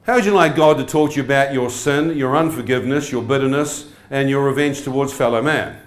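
A brisk man with a mid-range voice preaches a humorous testimony sermon, often quizzing his audience. The recording carries the echo of a roomy church hall.

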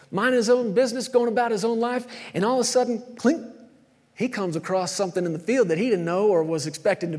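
A man's voice: high voice, darkish tone, big-room sound. A man preaching a sermon, telling a story with energy and calling on the congregation to answer back. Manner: storytelling, calls on the congregation to respond.

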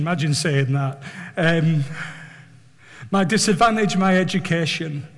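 A man preaching with animated earnestness, often repeating words as he builds his point. His voice is high for a man. Long reverb fills a large hall around him. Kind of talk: sermon with storytelling.

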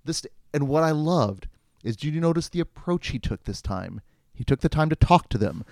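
A man in a casual film discussion, speaking in a wry, measured way and laughing along. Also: a little high, lively intonation, darkish tone, no room sound, clean studio sound. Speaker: podcast co-host discussing a film.

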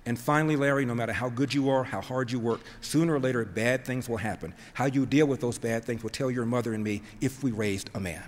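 A man's voice: mid-range voice, quick pace, hardly any pauses, a little hiss or hum. A man giving an emphatic storytelling speech, acting out the voices he quotes. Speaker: speaker telling a family story. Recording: long hall reverb.

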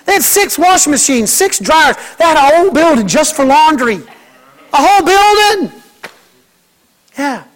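A man's voice: very high-pitched, expressive, moderate pace, few pauses, fairly bright tone. A man preaching a sermon as pastor, folksy and joking, mimicking kids and church members.

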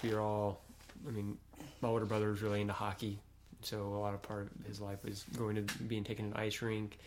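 A man from Kentucky with a low voice and a fairly flat delivery chats in an easygoing way. His talk is full of filler phrases. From Kentucky, USA. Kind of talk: casual conversation.

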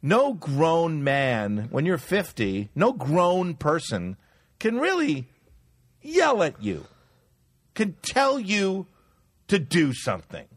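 A man's voice: a little high, huge pitch swings, slow, breathy edge, dry recording. A man in his fifties in casual comedic chat, telling profane, self-mocking stories about getting older. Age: 50s.

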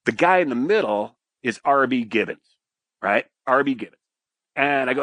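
A man, a former fighter pilot and podcast guest, telling a long casual anecdote in an animated, profane way and often tagging lines with "right?". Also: medium pitch, fairly quick, no room sound.

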